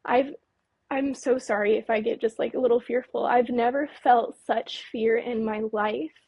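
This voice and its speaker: In an interview, a UFO researcher in her late 20s from California's Mojave Desert recounts an experience as a guest, her breathy, slightly high voice trembling with fear as she nervously stumbles over words and restarts sentences. Her pitch holds steady and she talks at a normal speed. The lo-fi recording is dry and close, with no echo.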